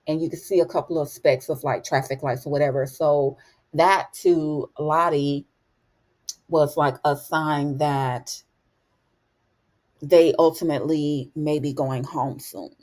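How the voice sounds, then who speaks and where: Woman w a low voice gossiping thru a tv recap, chatty, lots of "you know" and "honey". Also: fairly even intonation, unhurried, darkish tone. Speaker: TV recap host. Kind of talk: casual episode recap.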